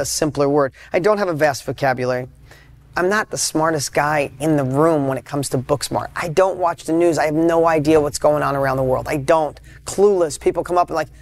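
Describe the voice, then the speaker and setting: A man hosting a motivational podcast, talking casually and emphatically, with sudden loud high peaks between quieter asides. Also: dry recording. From United States. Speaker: podcast host. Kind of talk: motivational talk.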